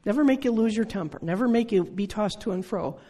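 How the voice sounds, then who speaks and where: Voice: mid-range voice, quick pace, warm tone. A preacher in their sixties giving an earnest, conversational sermon full of rhetorical questions. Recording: long reverb of a large hall.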